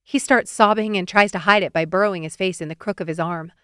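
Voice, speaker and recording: Woman narrating an expressive audiobook. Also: mid-range voice, fast talker, smooth, no echo, clean studio sound. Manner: expressive, voices the characters' lines with feeling. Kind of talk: scripted first-person romance narration.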